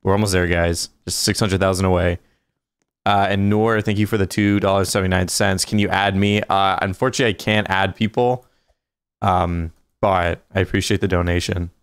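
Young male streamer, deep and smooth, joking and thanking donors. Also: level tone, moderate pace, no echo, studio quality. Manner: playful, thanks donors, jokey. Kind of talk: casual livestream chat.

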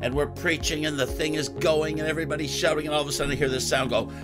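Male podcast host, fairly high voice, animated storyteller, faint music underneath. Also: fast. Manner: animated, swings into loud quoted exclamations. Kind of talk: storytelling interview chat.

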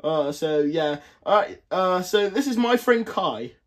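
A man's voice: high-pitched, expressive, measured pace. A man as a rambling goofy hero. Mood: chatty. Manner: rambling, chatty. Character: goofy young male hero who breaks the fourth wall.

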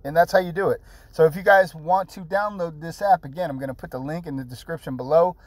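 A man's voice: a little high, fast talker, dry recording. A man in his thirties hosting a casual app tutorial, rambling and chatty with fillers and repeated words, blunt and jokey with mild swearing. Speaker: channel host.

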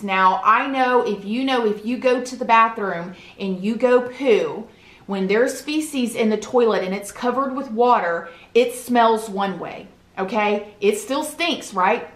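A woman with a Southern US accent tells a story straight to her viewers, earnest and chatty, calling them "you guys". Her voice sits a little high for a woman. The room around her is noticeably roomy and echoey. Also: takes it slowly. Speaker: YouTube storyteller. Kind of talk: casual storytime to camera. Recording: roomy echoey home recording.

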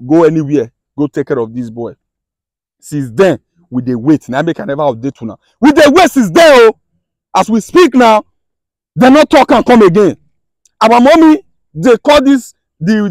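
A man's voice: high-pitched, no room sound. A man with a Nigerian accent, a vlogger urgently pleading with viewers to share his appeal for help. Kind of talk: impassioned appeal to camera.

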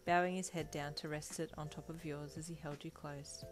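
A woman reading fan fiction aloud as expressive narration, voicing the flustered listener in a higher voice. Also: a little fast, hardly any pauses, over music. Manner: acts out the listener's lines in a high, flustered voice.

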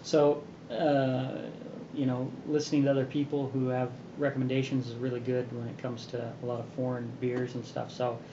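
A man hosting a beer review show in casual chat, relaxed and rambling with many fillers. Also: mid-range voice, moderate pace. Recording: roomy, dull sound with background noise.

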